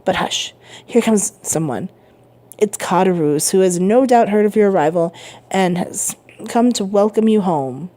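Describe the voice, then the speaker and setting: A woman voicing a frail, gentle old man who is a self-sacrificing father, speaking softly in a storybook reading. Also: mid-range voice, measured pace, lightly acted. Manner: gentle, soothing.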